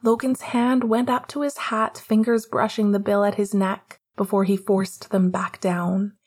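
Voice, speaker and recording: A woman narrating a novel in a soft, quiet reading voice. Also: medium pitch, flat delivery, measured pace, husky. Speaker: audiobook narrator. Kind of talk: scripted narration.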